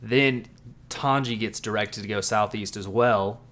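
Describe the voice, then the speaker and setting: A man's voice: lowish voice, unhurried, fairly bright tone. A man co-hosting a casual anime podcast, easygoing and agreeable, often answering briefly. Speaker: podcast co-host. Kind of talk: casual anime recap chat.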